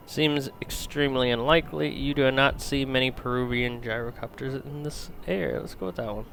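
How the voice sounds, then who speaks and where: A man's voice: medium pitch, fairly even intonation, moderate pace, creaky, few pauses, a bit bright, slight background noise. A man streaming a story game, reading its narration aloud and breaking off to comment on his choices. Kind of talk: reading game text aloud while playing.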